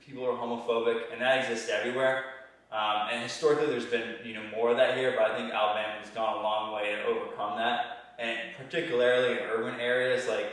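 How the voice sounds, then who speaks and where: A man's voice: on the low side, fairly bright tone, very echoey, distant mic, poor audio. A young man from Georgia with a mostly standard American accent, chatting as a podcast guest in loose, restarting sentences full of "like". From Georgia, United States. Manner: talks in loose restarts with many "like"s. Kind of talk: casual interview conversation.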